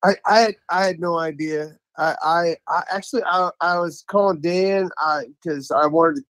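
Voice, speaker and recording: A man's voice: on the high side, normal speed, fairly bright tone, no room sound, rough recording. A man calling in to a podcast, telling a story in a rambling, enthusiastic way, full of restarts. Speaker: caller to a podcast. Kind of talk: casual chat, storytelling.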